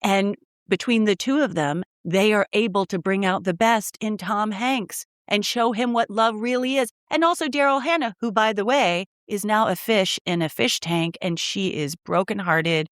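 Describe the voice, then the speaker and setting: A woman co-hosting a podcast, chatting casually about an old movie and retelling the plot with animated quotes. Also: mid-range voice, normal speed, no echo, studio quality. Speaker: podcast co-host. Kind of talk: casual movie rewatch chat.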